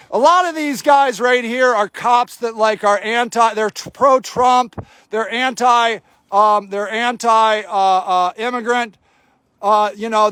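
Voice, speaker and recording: A man's voice: very high voice, a bit bright, no echo, clean studio sound. A man filming a livestream outdoors, giving indignant, sarcastic running commentary and swearing freely. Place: outdoor homeless camp in snowy cold.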